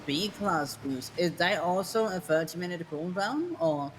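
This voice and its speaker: A man's voice: high voice, sing-song, unhurried, a little hiss or hum. A man in game role-play chat, easygoing and casual.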